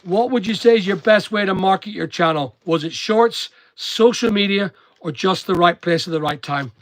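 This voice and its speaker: Man, mixed English and Northern Irish accent, high-pitched, rambling motivational chat, casual live-stream vlog. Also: normal speed, dry recording. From Northern Ireland. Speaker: online seller and vlogger.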